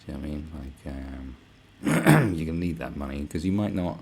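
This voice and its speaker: A man's voice: very deep voice, lively intonation, moderate pace, slightly rough. A man hosting a live stream, ranting casually with lots of swearing and sarcastic asides. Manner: profane, sarcastic, mocks others in put-on voices.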